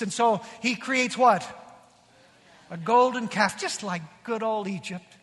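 A pastor preaches in a lively, conversational way, slipping into quoted voices as he goes. His voice is strikingly high and bright. It rings with the long reverb of a big church hall. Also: slow pace. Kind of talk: sermon.

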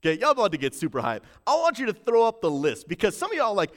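High, lively, fired-up preacher man. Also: very fast, in a large hall. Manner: hype-building, call-and-response with chat; rises to shouting in bursts, drops low to stress points. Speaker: pastor. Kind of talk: livestreamed church announcement.

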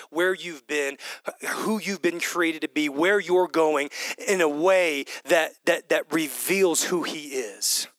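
Bright-voiced animated male preacher. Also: a little high, no room sound. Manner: animated, swings from loud bursts to hushed whispers. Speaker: pastor. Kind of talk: sermon. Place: church hall with congregation.

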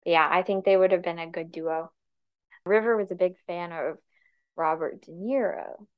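A woman's voice: lowish voice, fairly even intonation, normal speed, lo-fi sound. A woman co-hosting a podcast in casual chat, easygoing and talking in loose, trailing thoughts. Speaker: podcast co-host.

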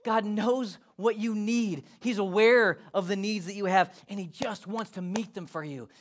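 A man's voice: sits high, moderate pace, few pauses. A male pastor preaching a casual, joking sermon with emphatic delivery.

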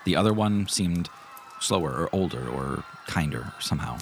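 Deep-voiced man narrating a game. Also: normal speed, a little hiss or hum. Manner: calm descriptive narration. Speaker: game master. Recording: music bed behind.

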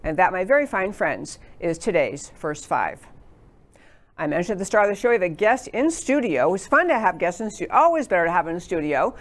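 A woman's voice: fairly low pitch, sing-song, brisk. A woman from New York hosting a political talk show in a studio, enthusiastic and effusive.

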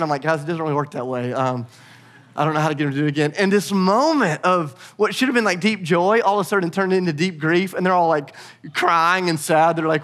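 Male pastor, 30s, slightly high voice; lively storyteller in the pulpit, earnest sermon delivery. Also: fast talker. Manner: storytelling, lively and earnest, dropping soft for prayer.

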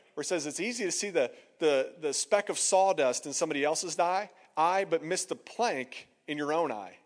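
A man's voice: sits high, big-room sound. A man preaching a sermon as pastor in a conversational way, acting out the voices he quotes. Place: church hall.

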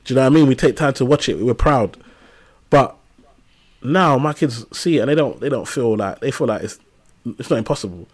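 A man in his thirties, talking as a podcast guest. He speaks in an animated, storytelling way, full of casual slang and everyday asides, at a mid pitch for a man. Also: brisk, husky. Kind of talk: casual conversational interview.

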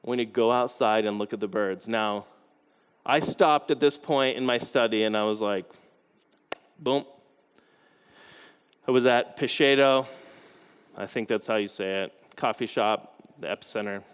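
A man preaching a youth sermon, telling stories with lively, quick asides. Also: on the low side, clear, resonant tone. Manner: animated storytelling with quick asides. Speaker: youth pastor. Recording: hall reverb.

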